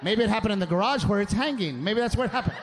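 A man performing live stand-up comedy, ranting in an exasperated way with loud shouted bursts. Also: sits high, lively intonation, very fast. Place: stage at a live show. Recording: live show with loud background noise.

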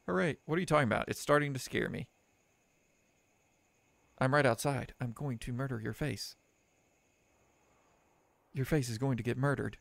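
A young man records let's play commentary on a horror game through a desk microphone, reading the game's text aloud with jokes, sarcasm and frequent laughter. His voice is medium-pitched and creaky at a normal speed, with many pauses, a fairly bright tone and no echo.

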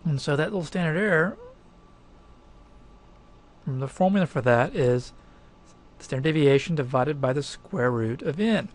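A man's voice: fairly high pitch, expressive, normal speed, long pauses. A man teaching statistics, walking through a problem step by step in a conversational, emphatic way. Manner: conversational, emphatic, thinks aloud with fillers. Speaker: math instructor. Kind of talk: recorded lecture walkthrough.

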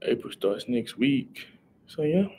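A man's voice: medium pitch, lively intonation, takes it slowly, dark tone. Young man, headset mic, loose rambling stream chat with viewers, faint hiss behind. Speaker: live streamer. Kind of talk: casual live-stream chat.

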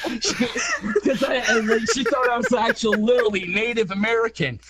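A man's voice: extremely high pitch, sing-song, normal speed, a loud crowd. A man chatting casually while gaming, telling rambling stories, swearing and laughing often. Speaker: game player. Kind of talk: casual gaming chat with storytelling.

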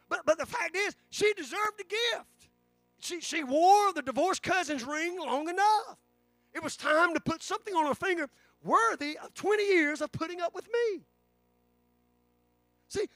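High-voiced fervent preacher. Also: male voice, animated, moderate pace, a bit bright, no echo, faint music behind. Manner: fervent preaching with repeated restarts and stammers. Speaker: pastor. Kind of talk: sermon. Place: church sanctuary.

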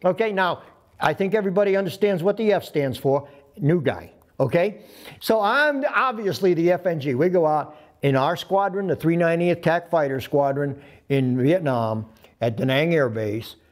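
Man, 70s, veteran interviewee; salty, animated storyteller who does voices and sound effects. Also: fairly high pitch, moderate pace. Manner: profane, acts out voices and sound effects in his stories.

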